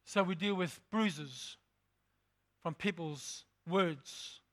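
A man preaching a sermon, emphatic and fond of repeating his phrases. His voice sits high and rings bright and forceful as he calls out to his congregation. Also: extremely slow. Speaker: pastor.

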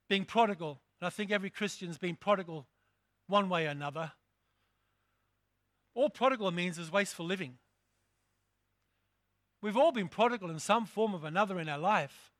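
A pastor preaches a sermon emphatically, fond of repeating his phrases as he calls out to his congregation. His high voice rings bright and forceful. He keeps a moderate pace with long pauses.

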